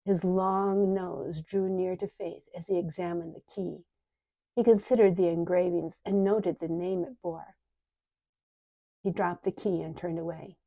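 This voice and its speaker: An older woman, an author narrating her own book in calm, even storytelling. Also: fairly low pitch, a little slow. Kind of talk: audiobook narration. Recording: dull lo-fi recording.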